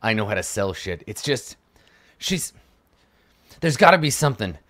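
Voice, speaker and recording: A man's voice: fairly low pitch, very animated, moderate pace, a bit bright. A man doing a bitter, scheming middle manager. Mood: pleading. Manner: grumbling and conspiratorial.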